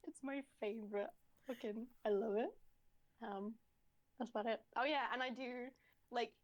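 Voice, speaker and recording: A woman in casual chat as a tabletop game player, with a fairly high voice. She rambles, swears freely and laughs a lot as she talks. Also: fairly even intonation, moderate pace.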